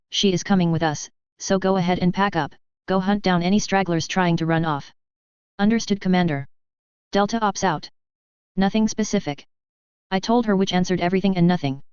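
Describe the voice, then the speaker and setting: A narrator giving an even, wry first-person reading of a story. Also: mid-range voice, smooth, no room sound, lo-fi sound.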